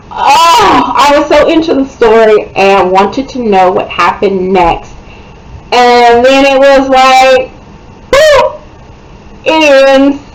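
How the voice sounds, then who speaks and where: A woman giving a casual, animated book review, chatty and often checking in with her listener. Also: a little high, slight background noise, low-quality recording. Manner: chatty, animated, keeps asking "okay?".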